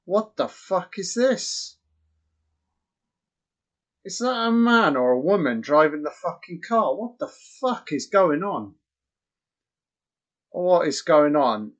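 A man giving crude, excitable, mocking live commentary on a horror film. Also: a little high, a little slow. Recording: dull lo-fi audio.

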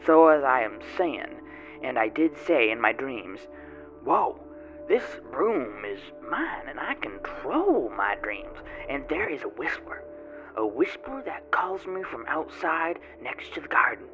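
A man's voice: medium pitch, big pitch swings, takes it slowly, rough recording. A man playing a boastful, grubby male tomato grower, telling his tale in a rambling folksy way with odd grammar, in a first-person character monologue. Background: music.

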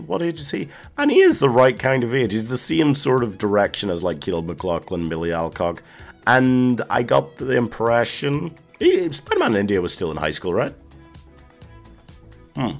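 A man hosting a solo movie podcast, chatting casually and laughing often. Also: mid-range voice. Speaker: podcast host.

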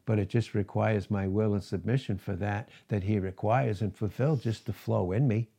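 A man preaching a sermon in an animated way, reading scripture aloud with laughs between points. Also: fairly low pitch, moderate pace, vocal fry. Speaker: pastor.

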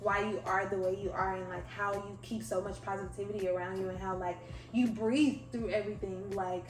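A woman hosting a podcast, talking casually in a rambling, animated way with lots of fillers. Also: medium pitch, brisk. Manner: rambling, animated, heavy use of "like". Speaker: podcast host. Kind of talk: casual interview chat. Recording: echoey room, faint music.

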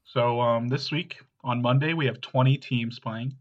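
A man co-hosting a podcast, calmly reading through lists with the odd filler. His voice is slightly husky. The recording sounds dull and lo-fi. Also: medium pitch, moderate pace. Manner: steady, list-like delivery with fillers. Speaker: podcast co-host. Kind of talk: casual chat.

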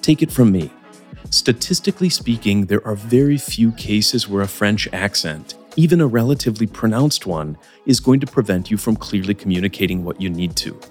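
A man with a fairly low voice hosts a scripted podcast lesson, explaining points in a clear, measured way. Soft music plays faintly underneath him. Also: lively intonation. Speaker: English teacher and podcast host.

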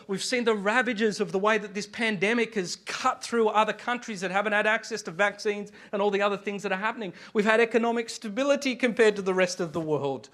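A man with an Australian accent, preaching a sermon as pastor, with humor and dramatic pauses. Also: sits high, fairly bright tone.

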